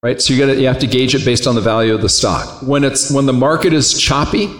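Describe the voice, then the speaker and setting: A man's voice: medium pitch, fast talker. A man teaching a trading class in a conversational way, often putting questions to the room. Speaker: trading instructor. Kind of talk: classroom lecture. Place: classroom or lecture hall. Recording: echoey hall with long reverb.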